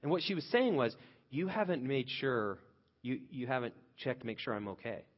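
A man in his thirties gives a conversational sermon and tells stories from his own family life. He restarts phrases often and gets loud when he quotes himself. The sound is dull and lo-fi, with a long reverb from a large hall. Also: medium pitch, very animated, normal speed. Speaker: pastor.

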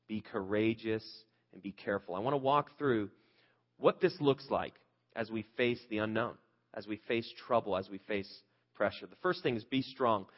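Man, pastor, conversational sermon, candid, rhetorical questions, muffled lo-fi sound. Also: on the low side. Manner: earnest, candid, asks the listeners rhetorical questions.

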